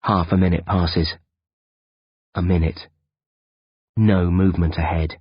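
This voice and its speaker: A man narrating a first-person audiobook in a tense, measured storytelling manner. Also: low-pitched, fairly even intonation, breathy edge, no room sound. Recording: dull, dry lo-fi recording.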